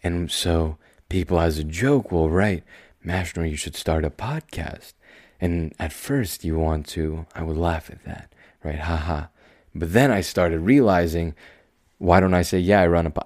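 A young man hosting his own podcast, talking calmly and slowly in a rambling, self-deprecating way. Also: deep voice, no echo, clean studio sound. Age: young adult. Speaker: podcast host. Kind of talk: casual solo podcast monologue.

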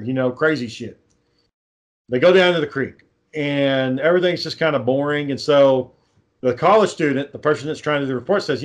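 Man, mid-pitched, casual and profane, pitching a movie idea with filler words. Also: a little fast. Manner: rambling, profane, acts out quoted lines. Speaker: amateur filmmaker pitching a script. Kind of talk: casual chat.

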